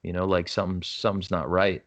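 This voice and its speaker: Speaking fast in a low, flat voice, a man appears as a podcast guest and tells his story with frank earnestness. It's candid conversational storytelling, with frequent "you know" and "right?" and restarted sentences.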